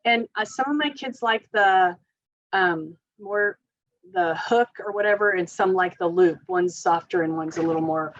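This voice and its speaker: A woman's voice: on the low side, moderate pace. Chatty woman therapist, lo-fi. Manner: chatty, informal, many fillers, laughs often. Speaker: occupational therapist. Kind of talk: parent training presentation.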